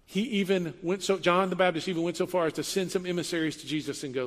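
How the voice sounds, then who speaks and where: A male pastor preaching in a relaxed, conversational way, stacking up emphatic repeated lines. His voice sits a little high, and a long hall reverb trails each phrase. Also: fast talker. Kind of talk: sermon.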